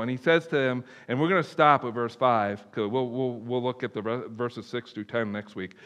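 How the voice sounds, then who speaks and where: A man preaching a sermon, animated, swinging from loud emphatic bursts to hushed low passages, with many restarts. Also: moderate pace, few pauses, smooth, muffled recording. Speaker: pastor. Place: church room.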